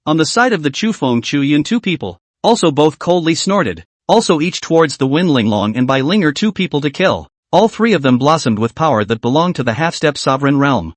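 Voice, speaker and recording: Lively-voiced man narrating a story recap. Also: fairly high pitch, fairly quick, few pauses, no echo.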